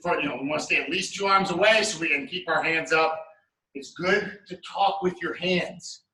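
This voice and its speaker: Male martial arts coach, bright voice slightly high, echoey room, mic at a distance. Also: normal speed. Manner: steady coaching cues, talks through moves step by step. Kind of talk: class instruction. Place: training studio.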